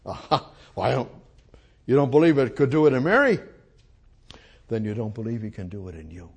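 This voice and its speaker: A man's voice: mid-range voice, expressive, a little fast, creaky, slightly rough. A man preaching a sermon, reading old scripture and retelling stories with emphatic repetition. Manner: emphatic, repeats phrases, reads old scripture aloud.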